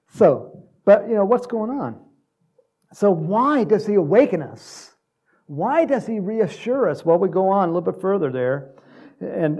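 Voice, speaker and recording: Gravelly-voiced man teaching the Bible. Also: fairly high pitch, dark tone. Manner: conversational, many fillers, chuckles. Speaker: Bible study leader. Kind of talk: casual sermon.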